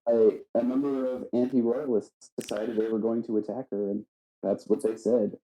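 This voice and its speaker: A man guesting on a podcast, telling absurd made-up facts in a deadpan, halting way with many fillers. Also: lowish voice, low-quality recording. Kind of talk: deadpan comedic podcast chat.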